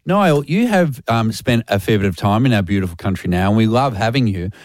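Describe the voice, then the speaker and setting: A man's voice: fairly low pitch, expressive, a little fast, no echo. A man hosting a radio show, teasing and playful with his guest. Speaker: radio host. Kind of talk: casual radio chat.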